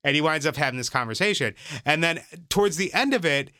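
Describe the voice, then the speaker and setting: A man chatting casually as a podcast co-host, rambling through thoughts with plenty of fillers and restarts. His voice is bright and forward, recorded dry and close with no room sound. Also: fairly high pitch, lively intonation, fast, dry recording. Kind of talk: casual chat.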